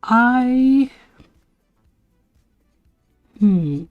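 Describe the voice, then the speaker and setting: A woman's voice: fairly high pitch, lively intonation, very slow, phone-quality sound, faint music behind. A young woman livestreaming, rambling through school stories with laughs and lots of "like" and "bro". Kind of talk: casual storytelling to a live chat.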